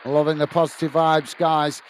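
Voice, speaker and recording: A man's voice: on the high side, flat delivery, moderate pace, some chatter behind, a little hiss or hum. A man from England hosting a live football watch-along, calling the play and chatting as he reads out viewers' comments, openly backing his own team. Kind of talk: live fan commentary and chat reading.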